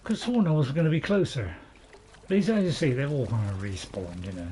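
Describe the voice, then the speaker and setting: A man's voice: medium pitch, animated, fairly quick, noisy background. A man giving casual, rambling commentary while playing a game, chuckling to himself now and then. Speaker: gaming video host.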